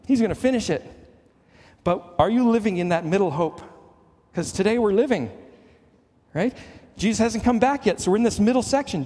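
A Canadian pastor in middle age delivers a sermon with earnest emphasis, his voice rising to urgent peaks and dropping to quiet lows. The recording carries a long, hall-like reverb.

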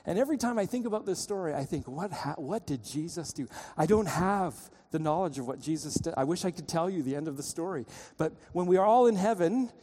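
A man's voice: fairly high pitch, expressive, fairly quick, few pauses. Storytelling male pastor in a reverberant church. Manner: storytelling, urgent pleading, dramatic shifts in loudness. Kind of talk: sermon. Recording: long reverb of a church hall.

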